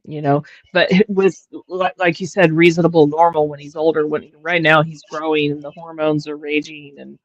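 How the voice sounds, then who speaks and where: A woman hosting a livestream, chatting casually in a halting way with frequent restarts and fillers. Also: low-pitched, level tone, lo-fi sound. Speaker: livestream host. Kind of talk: casual chat.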